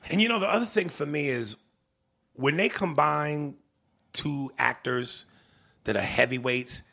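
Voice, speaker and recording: A man co-hosting a casual podcast, his voice gravelly and bright. He talks in an animated, profane way, pushing his pitch up when he gets worked up. He reads listener email aloud in the same loose style. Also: measured pace. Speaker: podcast co-host.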